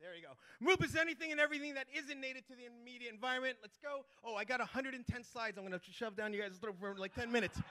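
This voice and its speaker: A man presents at a conference in a very high, bright voice. He rallies the crowd with chanted call-and-response and fires off quick asides. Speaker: playa restoration manager giving a conference talk. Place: conference hall before a live audience.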